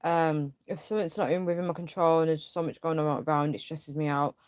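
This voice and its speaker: A woman's voice: deep voice, fairly even intonation, brisk, a little mellow, smooth, dry recording, studio quality. A young woman hosting a casual livestream. She reads viewers' comments aloud and vents her frustration in a rambling way, with lots of fillers. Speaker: livestream host.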